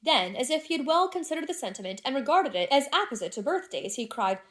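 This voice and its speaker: A woman narrating a classic novel in a measured, expressive reading. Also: high-pitched. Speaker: audiobook narrator.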